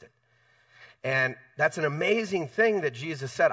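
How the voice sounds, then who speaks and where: An emphatic man preaching a sermon at a middle pitch, hammering key phrases again and again and restarting his sentences. He sits a little away from the microphone, so his voice comes across distant. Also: expressive, normal speed, fairly bright tone. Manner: emphatic, repeats key phrases, frequent self-corrections. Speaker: pastor.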